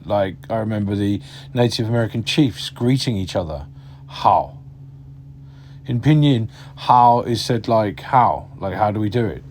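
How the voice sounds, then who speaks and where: A man's voice: on the low side, lively intonation, normal speed, darkish tone, a little hiss or hum. A man giving a casual beginner lesson, chatty and self-correcting, drilling syllables aloud. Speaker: language teacher.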